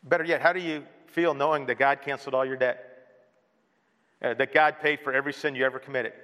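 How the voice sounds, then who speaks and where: A man's voice: mid-range voice, steady tone, fast talker, sharp tone. A man preaching a sermon as pastor, earnest, with many rhetorical questions. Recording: long hall reverb.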